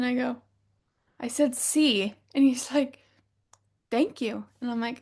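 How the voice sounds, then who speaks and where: Taking things slowly and pausing often, an American woman with a fairly high voice co-hosts a podcast. She tells stories in relaxed conversation, dramatizing what others said and laughing often.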